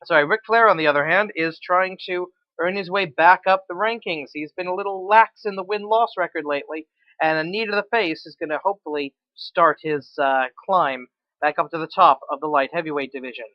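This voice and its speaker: A man calling a wrestling game match play by play, excitable and quick to correct himself. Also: on the high side, dry recording, muffled recording. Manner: excitable, self-correcting, swears at slips. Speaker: play-by-play commentator.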